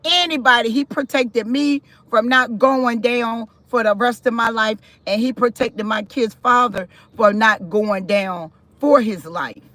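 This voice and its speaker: A middle-aged woman hosting a live stream, telling a personal story in a casual, animated way and breaking into preachy asides. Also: a little high, no echo.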